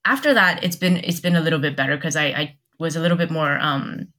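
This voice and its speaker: Low-voiced young woman telling a personal story. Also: fairly bright tone. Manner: candid, halting, many restarts and quoted dialogue. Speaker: podcast guest. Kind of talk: personal storytelling in casual chat.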